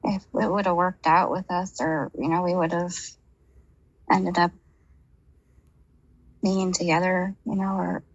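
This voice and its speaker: A woman's voice: lowish voice, fairly even intonation, unhurried, pauses often, dry recording, muffled recording. A woman receiving a reading, speaking hesitantly with many fillers. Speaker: client. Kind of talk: casual conversation.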